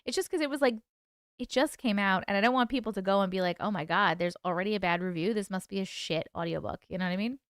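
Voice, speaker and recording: Talking quickly in a medium-pitched voice, a woman who is an author hosts a relaxed livestream, reading viewer comments out loud and laughing frequently. The audio is studio-quality with no room sound.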